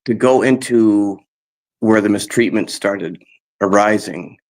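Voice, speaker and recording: A man's voice: fairly low pitch, takes it slowly, low-quality recording. A man speaking as an interview guest, recounting his experiences hesitantly and searching for words.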